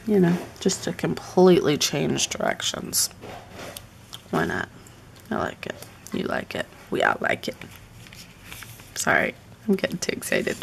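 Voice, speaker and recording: Gravelly woman murmuring to herself. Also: low voice, very animated, unhurried, long pauses, slight background noise. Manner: chatty, often murmuring half-whispered asides to herself. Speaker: planner decorating vlogger. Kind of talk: casual live-stream craft chat. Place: at home with her pets.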